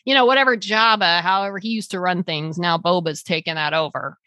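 A woman co-hosting a podcast, chatting casually in an animated, rambling way. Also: on the low side, fairly quick, no echo. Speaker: podcast co-host. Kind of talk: casual chat.

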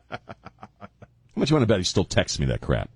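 Husky low-voiced man teasing on radio. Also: huge pitch swings, normal speed, a little mellow, no echo, clean studio sound. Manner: teasing, sarcastic, laughs a lot. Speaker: radio show host. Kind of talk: casual on-air banter. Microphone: studio microphone.

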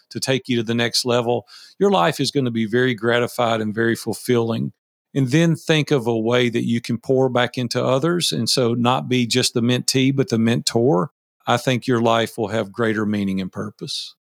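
A middle-aged man with a Southern drawl, a business owner being interviewed, folksy and quick to laugh as he tells stories. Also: mid-range voice, no room sound, clean studio sound. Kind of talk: conversational interview.

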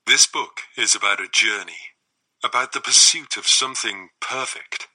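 A man with an English accent reading an audiobook in a slow, breathy, suggestive way. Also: medium pitch, pushed and bright, low-quality recording. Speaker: audiobook narrator. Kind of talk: scripted audiobook narration.

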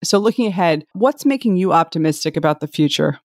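Woman host, polished and measured, dry close sound. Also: lowish voice, expressive, darkish tone, no echo. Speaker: podcast host. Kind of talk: scripted interview questions.

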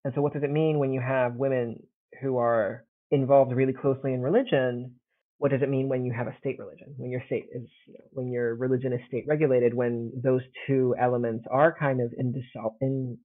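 A man's voice: medium pitch, steady tone, brisk, dry recording. A man co-hosting a casual podcast, talking through ancient history in a rambling, self-deprecating way with many restarts. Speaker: podcast co-host, classics scholar. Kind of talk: casual academic chat. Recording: tinny phone-like line, dry.

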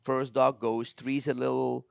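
Gravelly man telling animated stories. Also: medium pitch, unhurried, no echo, studio quality. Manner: animated storyteller, acts out quotes, laughs often. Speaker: dog trainer and podcast host. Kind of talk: casual storytelling chat.

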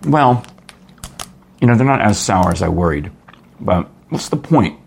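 A man's voice: unhurried, creaky, slight background noise. A man hosting a casual podcast chat, rambling and joking with a guest. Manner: chatty, rambling storyteller with lively pitch swings. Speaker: podcast host.

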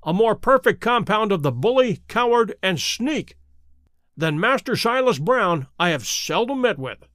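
A man voicing a cool, precise middle-aged detective with a crisp, confident manner. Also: high-pitched, very animated, a little slow, fairly bright tone, no room sound, studio quality, full character voice.

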